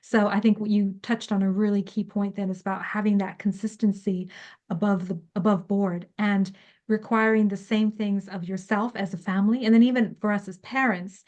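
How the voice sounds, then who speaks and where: Woman co-host, warm low-key voice, pretty flat delivery, thoughtful. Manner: reflective, agreeing listener, measured. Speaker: podcast co-host. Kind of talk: casual parenting discussion.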